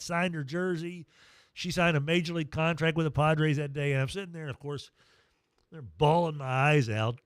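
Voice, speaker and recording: A man hosting a morning sports radio show, telling stories in a lively, emotional, self-deprecating way into a studio mic. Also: fairly high pitch, clear, resonant tone, no echo. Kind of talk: casual morning radio chat.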